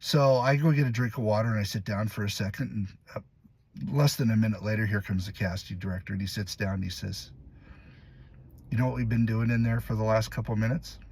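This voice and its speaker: A male actor telling a story to camera in a casual, animated way, acting out the lines and voices as he goes. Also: fairly low pitch, fast talker, husky. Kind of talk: casual anecdote told to camera.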